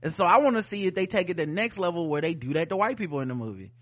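Bright, laughing male co-host. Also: high voice, very fast. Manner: laughs often, animated, reads listener comments aloud. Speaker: podcast co-host. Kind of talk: casual chat.

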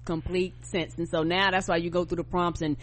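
Bright, laughing co-host talking emphatically. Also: mid-range voice, flat delivery, brisk. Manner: emphatic, laughs often, colloquial. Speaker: podcast co-host. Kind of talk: casual chat.

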